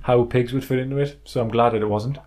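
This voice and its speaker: A man's voice: mid-range voice, fairly even intonation, quick pace, a little mellow. A man with a Geordie accent, co-hosting a podcast in casual, swearing banter. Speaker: podcast co-host. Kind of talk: casual chat.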